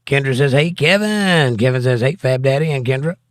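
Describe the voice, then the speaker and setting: A man hosts a relaxed livestream, reading out chat messages and tossing back quick wisecracks. His voice sits at an ordinary middle pitch. The sound is dry and close, picked up by a desk mic in a small home room. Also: no room sound.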